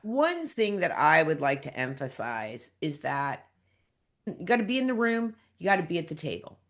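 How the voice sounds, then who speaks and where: Lively, emphatic woman host with a low voice. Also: moderate pace. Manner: emphatic, motivational. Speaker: podcast host. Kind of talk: interview hosting.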